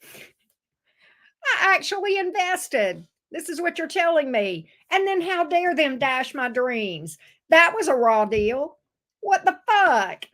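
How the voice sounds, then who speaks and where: A woman talks through a tarot reading in a loose, chatty way. Her voice sits a bit high and swings widely up and down as she acts out the viewer's side. She swears freely and keeps the energy animated. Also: a little slow. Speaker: tarot reader. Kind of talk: casual tarot reading to camera.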